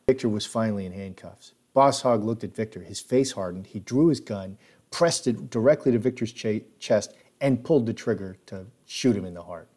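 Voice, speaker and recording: A man's voice: fairly low pitch, moderate pace, darkish tone. A man recounting his own life story in a casual, spoken way with plenty of filler words. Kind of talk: casual spoken memoir narration.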